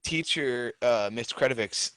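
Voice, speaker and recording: A man's voice: mid-range voice, a little slow, fairly bright tone, clear, resonant tone, no echo. A man co-hosting a podcast, telling stories in casual chat with lots of fillers and restarts. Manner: rambling storyteller, many filler words. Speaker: podcast co-host.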